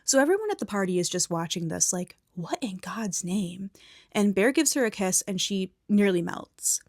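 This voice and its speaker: This young movie recap host speaks in a mid-range voice, very animated and brisk, drifting between soft talk and breathy whispers for her ASMR recap. Her commentary is casual and candid with a little swearing, and the close, dry recording has no echo.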